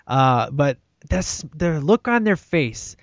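A man's voice: fairly high pitch, very animated, takes it slowly, dry recording. Enthusiastic rambling man, dull dry recording. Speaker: podcast co-host discussing a film. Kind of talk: casual chat.

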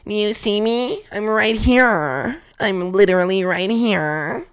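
A man doing a comedic impression of a whiny young woman with a slow, nasal drawl. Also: high voice, expressive, fairly bright tone, clear, resonant tone, pitched above the performer's own voice, exaggerated voice. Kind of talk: comedic impression in casual chat.

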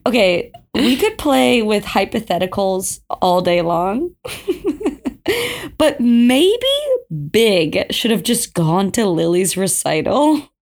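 A woman's voice: mid-range voice, big pitch swings, takes it slowly, vocal fry, a little mellow. A woman co-hosting a casual TV recap chat, laughing often and retelling scenes with animation. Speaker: podcast co-host.

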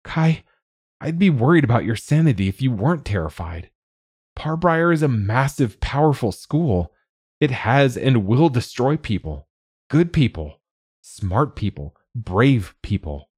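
A man's voice: mid-range voice, sing-song, a little slow, a little mellow, husky, voice pushed up. A man reading the part of a supportive middle-aged father who gives his child an earnest pep talk. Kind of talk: audiobook dialogue.

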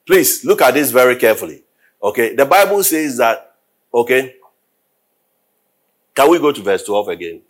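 Man, preacher, husky voice, lively swooping pitch, call-and-response sermon, repeats questions. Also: moderate pace, pauses often.

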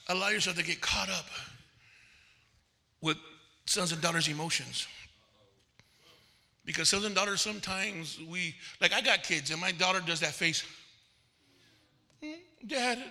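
High-voiced, bright-toned male pastor preaching in a hall. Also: gravelly. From Texas. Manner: animated storytelling, acting out quoted voices. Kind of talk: conference sermon. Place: conference hall. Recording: long hall reverb.

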